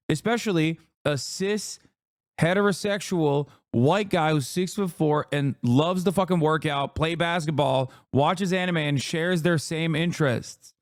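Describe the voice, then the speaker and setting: A man doing heated livestream political commentary, angry and profane, shouting down his critics. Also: on the high side, a little slow, dry recording, studio quality.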